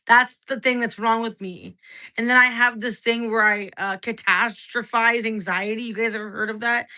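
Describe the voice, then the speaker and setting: A woman in her thirties with a bright, forceful voice, rambling through a confessional livestream chat. She swears freely and keeps circling back on herself. Her talk is loose and unscripted. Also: mid-range voice. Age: 30s. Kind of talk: casual livestream monologue.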